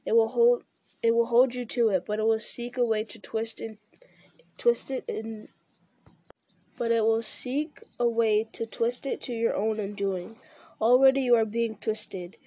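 A woman's voice: on the high side, steady tone, a little slow, mellow, dry recording. A woman reading a stern, commanding young hero. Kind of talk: audiobook character reading.

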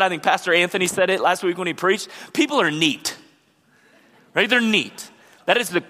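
Male pastor, bright high voice, animated sermon delivery, reverberant church hall. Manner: animated preacher who acts out the people he describes. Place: church sanctuary.

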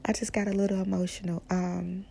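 A woman hosting a casual spiritual podcast, speaking softly and often slipping into a whisper, rambling with restarts. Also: mid-range voice, flat delivery, fairly quick, gravelly, a little hiss or hum. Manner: soft-spoken, often drifting into a whisper. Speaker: podcast host.

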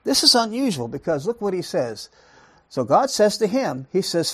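Husky, lively-voiced man teaching Scripture. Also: fairly high pitch, a little fast, dry recording. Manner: emphatic, rhetorical questions, repeats words for stress. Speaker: Bible teacher. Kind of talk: Bible study lesson.

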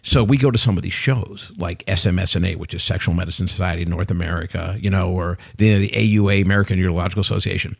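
Brief: middle-aged male podcast guest, rapid animated anecdotes, gravelly low voice. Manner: animated storyteller, acts out quotes, says "okay" a lot. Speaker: podcast guest, company CEO. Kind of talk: casual chat, animated storytelling.

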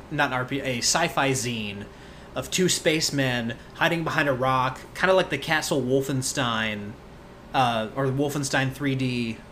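A man's voice: medium pitch, fairly bright tone, slight background noise. A man hosting a podcast, chatting casually and rambling, often laughing and restarting his sentences. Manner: rambling, chuckling, frequent restarts. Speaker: podcast host. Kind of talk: casual chat recapping a convention.

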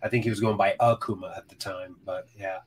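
A man's voice: low voice, steady tone, quick pace, very noisy. A man co-hosting a podcast, chatting casually about albums, enthusiastic and swearing freely, often trailing off. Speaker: podcast co-host. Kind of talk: casual chat reviewing music.

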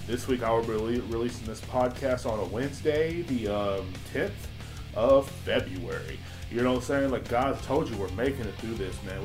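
Laid-back rambling man. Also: medium pitch. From Texas. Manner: rambling, laid-back, swears often, heavy on fillers. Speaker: podcast host. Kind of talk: casual podcast chat.

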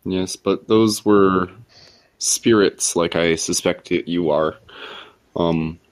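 A man's voice: deep voice, steady tone, slow pace. A man playing a tabletop role-playing game, talking wryly with dry humor. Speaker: player. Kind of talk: in-character tabletop role-play.

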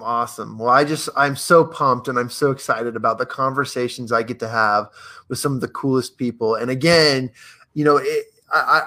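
Man, host, bright sharp voice, upbeat, enthusiastic, video call. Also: medium pitch. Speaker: podcast host. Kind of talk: casual interview chat.

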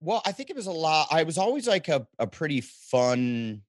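A man's voice: on the high side, no room sound. Joking storyteller man from the Midwest. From American Midwest. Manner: animated storyteller, joking, quick asides. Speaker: guest. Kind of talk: casual chat.

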